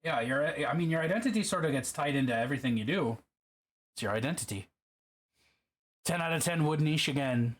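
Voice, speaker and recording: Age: unknown. Sex: man. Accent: put-on Irish. Pitch: fairly high. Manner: chatty, profane streamer answering chat. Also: animated, brisk, long pauses. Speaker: livestream host. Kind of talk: casual chat while miniature painting on a livestream.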